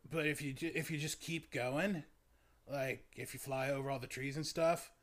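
A man's voice: medium pitch, fairly even intonation, normal speed, natural voice. A man voicing a laid-back, rambling young male druid who drawls and fills every sentence with "like" and "man". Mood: spacey. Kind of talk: tabletop role-play character voice.

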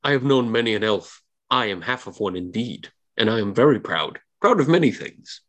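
A man's voice: fairly low pitch, lively intonation, normal speed, fairly bright tone. A man doing a boastful proud half-elf.

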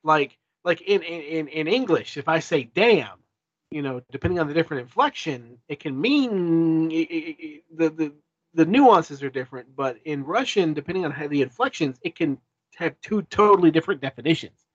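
A man's voice: fairly high pitch, lively intonation, moderate pace, breathy edge, no room sound. A man chatting casually as a podcast co-host, rambling with lots of fillers and restarts. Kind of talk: casual chat. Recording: dull lo-fi sound.

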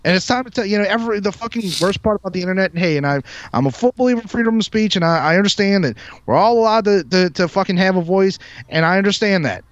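A man's voice: high-pitched, fast talker, hardly any pauses. A man hosting a podcast who delivers a heated, profane, emphatic rant. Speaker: podcast host. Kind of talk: ranting podcast monologue. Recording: dull lo-fi, dry sound.

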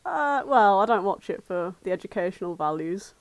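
A woman's voice: medium pitch, lively intonation, moderate pace, dry recording. A woman co-hosting a casual chat, dry and self-deprecating. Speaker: podcast co-host.

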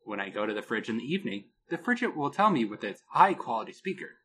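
A man co-hosting a casual podcast, telling a product story with a lot of pitch movement and laughing at his own jokes. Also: big pitch swings, fast talker, fairly bright tone, a little hiss or hum. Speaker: podcast co-host.

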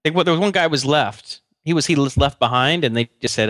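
A man co-hosting a podcast in casual chat, talking haltingly with stammered restarts. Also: a little high, a bit bright, no room sound, studio quality. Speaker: podcast co-host.

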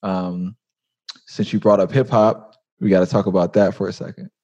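A deep-voiced man hosts a casual podcast conversation, easygoing and chatty, with frequent "like" and "um" as he works his questions out. The sound is dull and lo-fi, like a remote call. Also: fairly even intonation, moderate pace, dark tone. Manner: laid-back, chatty, lots of "like" and "um". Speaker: podcast host.

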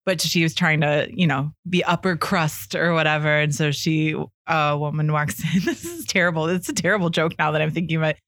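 A woman's voice: low voice, a little fast, few pauses, fairly bright tone, no room sound, clean studio sound. A woman co-hosting a podcast in casual chat, chatty and self-deprecating, laughing often. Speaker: podcast co-host.

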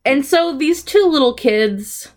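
A woman's voice: sits high, animated, slow pace. A young adult woman casually recapping a TV episode, rambling and swearing, with lots of fillers. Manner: rambling, profane storytelling with frequent fillers. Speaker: podcast co-host recapping a TV episode. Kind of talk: casual chat.

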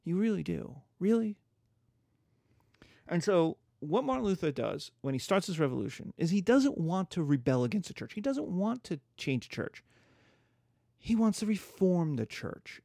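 Brief: middle-aged male lecturer, gravelly, slightly high, lively and jokey, dry close sound. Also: normal speed, dry recording. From United States. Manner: animated, jokey, acts out quotes. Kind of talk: casual history lecture.

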